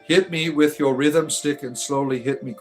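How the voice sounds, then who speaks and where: A man's voice: a little high, fairly even intonation, normal speed, faint music behind. A man hosting a casual livestream as a satirical spiritual entertainer, reading chat comments aloud with joking asides and filler ums. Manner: rambling, joking, reads viewer names aloud with filler ums.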